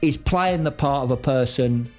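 A man's voice: mid-range voice, normal speed, a little mellow, soft background music. Rambling man recapping soap plots. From United Kingdom. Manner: chatty, rambling storyteller with slangy asides. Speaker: radio show regular recapping a soap opera. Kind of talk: casual chat.

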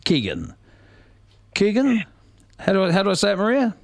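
A man's voice: high voice, very fast, gravelly. A man hosting a casual radio chat, playful and rambling with many restarts. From New Zealand. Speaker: radio host.

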